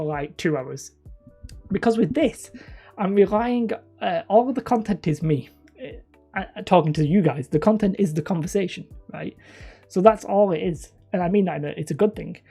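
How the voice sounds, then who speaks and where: Gravelly, rambling woman streamer. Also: fairly low pitch, dark tone. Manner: chatty, self-mocking, off-topic. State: tired. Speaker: channel host streaming. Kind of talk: rambling live-stream chat.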